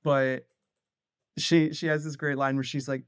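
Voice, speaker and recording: A man co-hosting a casual movie podcast, retelling scenes with lively put-on character voices. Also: fairly high pitch, moderate pace, no echo, clean studio sound. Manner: animated retelling, acting out character lines. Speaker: podcast co-host.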